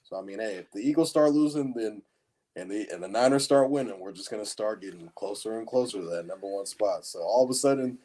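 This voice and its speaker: A man's voice: lowish voice, fast talker, warm tone. A man co-hosting a casual sports podcast, talking in a sarcastic, mock-gloomy way and dropping "man" often. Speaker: podcast co-host.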